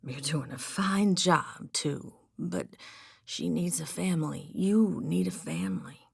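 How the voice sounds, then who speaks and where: A woman narrator voicing a frail, gruff old male hermit farmer in an audiobook, with a croaking voice and a stern manner that softens to a hush. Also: sits low, slow pace, no room sound, studio quality, heavily acted. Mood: gentle. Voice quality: croaking, gravelly. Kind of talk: audiobook character voice.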